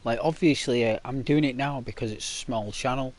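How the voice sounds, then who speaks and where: Speaking briskly in a medium-pitched, darkish voice, this Liverpool-accented YouTuber chats casually with his audience as he games. He rambles on, constantly adding "right?" and "you know" to his sentences.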